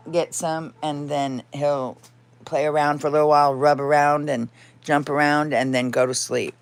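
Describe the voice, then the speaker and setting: A woman hosting a casual live chat from home, rambling and laughing often, now and then cooing baby talk at her cat. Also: low voice. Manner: rambling, chatty, frequent laughs. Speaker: livestream host.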